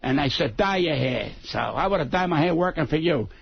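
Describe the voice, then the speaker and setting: A man's voice: a little high, animated, fairly quick, vocal fry, breathy edge, dry recording. Brash profane older man in his seventies. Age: 70s. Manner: brash, blunt and profane, heavy New York street grammar. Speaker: comedian guest. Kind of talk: combative radio banter. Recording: dull lo-fi radio studio audio.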